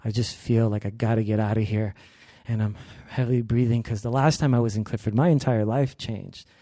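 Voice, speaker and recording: A young man telling a personal story on stage, lively and acting out the quoted lines. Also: lowish voice, a little fast, no echo, studio quality. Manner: animated, acts out quoted lines.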